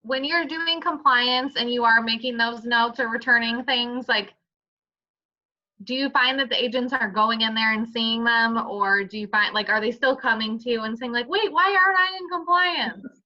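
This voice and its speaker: A woman's voice: fairly high pitch, fairly even intonation, moderate pace, bright, forceful tone, lo-fi sound. A woman in a training meeting cutting in hesitantly and apologetically to ask a question.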